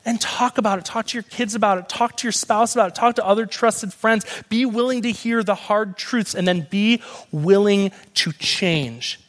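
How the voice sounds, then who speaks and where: A young man preaching a sermon as guest speaker, lively and storytelling, acting out the voices of people in his stories. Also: high-pitched, moderate pace. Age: young adult. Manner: animated storytelling, acts out quoted voices.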